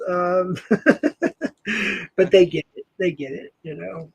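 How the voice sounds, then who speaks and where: A man's voice: sits high, slow pace, gravelly, pauses often, darkish tone, breathy edge, no room sound, rough recording. An older man hosting a livestream, talking casually in a rambling, self-deprecating way and laughing often. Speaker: livestream host.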